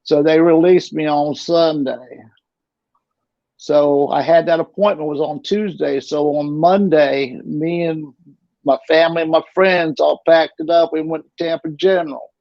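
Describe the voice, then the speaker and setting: Gravelly middle-aged man telling his story. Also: on the high side, fairly even intonation, a little slow, no echo. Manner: rambling, with frequent restarts and repeats. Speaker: interview guest. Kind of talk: casual storytelling. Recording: dull, lo-fi dry recording.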